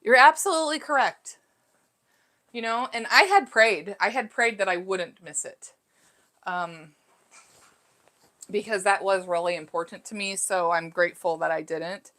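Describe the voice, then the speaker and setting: Streaming a casual live chat from home, this middle-aged host reads out viewer comments and muses about her own life, restarting sentences and leaning on fillers. Her medium-pitched voice is bright and forceful, unhurried, with many pauses. The mood is chatty and self-reflective.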